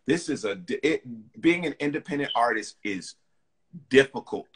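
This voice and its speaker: A man, a singer being interviewed, chatting casually and telling lively stories. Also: medium pitch, moderate pace, a little hiss or hum. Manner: lively storytelling, acting out other people's lines. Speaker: singer guest.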